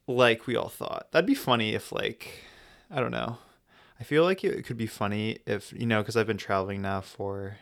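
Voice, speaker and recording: A young American man rambles through a casual travel vlog, joking and restarting his sentences. His voice sits low and comes across smooth and clear. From United States. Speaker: travel vlogger.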